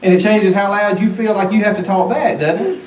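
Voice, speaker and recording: A man with a high voice speaks briskly over a loud crowd as he leads a children's church lesson, patiently coaxing the kids with lots of questions. He's from Georgia in the US. The recording comes from far off in an echoey room, with children chattering.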